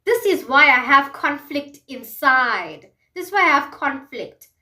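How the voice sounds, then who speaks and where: A woman's voice: high voice, expressive, unhurried, pushed and bright. A woman vlogger talking through a music review, emphatic and full of rhetorical questions and repeated phrases. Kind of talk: passionate music commentary monologue.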